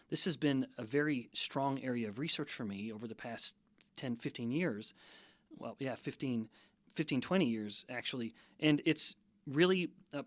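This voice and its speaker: A man's voice: medium pitch, no echo. A middle-aged man, a scientist guest, explaining things methodically in an interview. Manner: measured, lecturing, methodical.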